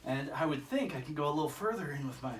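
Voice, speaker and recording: A man's voice: a little high, lively intonation, fast talker, far from the mic. Rambling man counting reps in echoey room. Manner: rambling, chuckling, counting reps under his breath. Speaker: vlogger doing a workout. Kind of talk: casual self-filmed workout commentary. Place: indoor room with chairs. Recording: echoey room, voice from off-mic, faint ambient noise.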